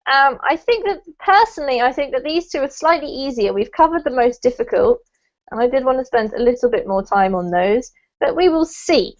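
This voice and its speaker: A woman's voice: high-pitched, expressive, a little fast. A woman teaching English pronunciation in an online class, patient and encouraging, explaining sounds with careful emphasis. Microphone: video call. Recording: dull lo-fi video call audio.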